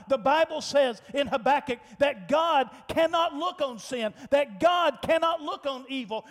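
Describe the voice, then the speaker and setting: A man preaching a sermon as pastor in a church, impassioned, repeating phrases for emphasis and breaking into shouts. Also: very high voice, in a large hall.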